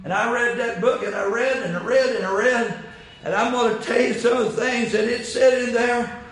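Man preaching a sermon, really high voice, gets loud and fired up, lots of echo. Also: fairly even intonation, moderate pace. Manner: impassioned, rising to shouted climaxes; folksy storytelling with repeated phrases. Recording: very echoey room with faint noise.

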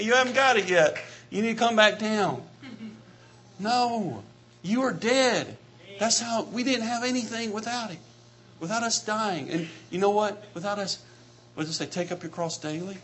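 A man preaching a sermon with passion, repeating his phrases and building to shouts. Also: high voice, moderate pace, a little hiss or hum.

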